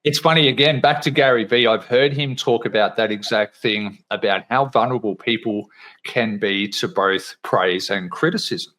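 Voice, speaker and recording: A man's voice: lowish voice, fairly bright tone. A man hosting a podcast in a casual, conversational way, swearing now and then and mimicking the people he quotes. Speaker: podcast host.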